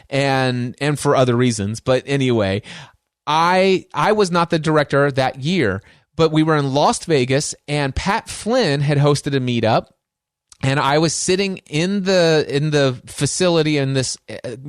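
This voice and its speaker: A middle-aged man from Northern Kentucky hosting his podcast, telling a story with animated emphasis and piling up repeated words. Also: mid-range voice, no echo, clean studio sound. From Northern Kentucky, USA. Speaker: podcast host and coach. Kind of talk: storytelling monologue.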